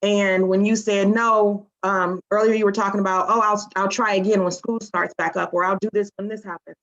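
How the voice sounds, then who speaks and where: A woman's voice: medium pitch, flat delivery, normal speed, a bit bright. A woman team member sharing a personal testimony on a group call, earnest and close to tears. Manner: earnest, emotional. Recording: dull lo-fi sound.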